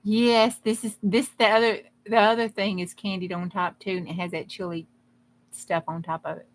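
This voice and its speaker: A woman's voice: mid-range voice, flat delivery, normal speed, a little hiss or hum. A woman hosting a live crafting stream, chatting casually and rambling with folksy humor. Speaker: crafting livestream host. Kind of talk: casual livestream chat.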